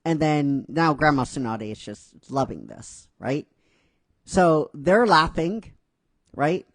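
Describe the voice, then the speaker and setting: A man's voice: a little high, very animated, slow pace, no room sound, clean studio sound. A man casually retelling a fan story, rambling with restarts and frequent "right?" asides.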